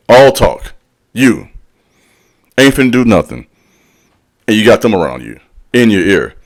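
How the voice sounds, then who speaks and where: Man preaching a blunt pep talk. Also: fairly low pitch. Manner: preachy, direct, calls out the listener; casual street slang, repeats lines for emphasis. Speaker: channel host and spiritual speaker. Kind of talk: motivational monologue.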